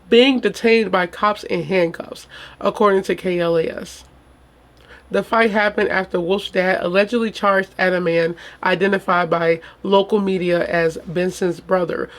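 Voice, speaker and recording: A woman hosting a true crime channel who reads a case report and then reacts in casual, indignant chat full of rhetorical questions. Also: on the low side. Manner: casual, chatty, addresses viewers as y'all.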